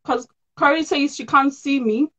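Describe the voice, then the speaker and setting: A woman's voice: high-pitched, moderate pace, sharp tone, highs cut off. A woman from South Africa hosting an online chat show over a video call. She laughs often and speaks effusively, repeating herself. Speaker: host.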